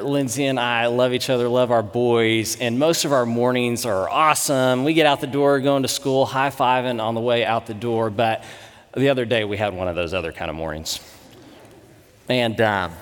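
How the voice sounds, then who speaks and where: A man in his thirties, a pastor, giving a sermon with conversational, animated storytelling. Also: medium pitch, moderate pace. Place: church sanctuary. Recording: long reverb in a church hall.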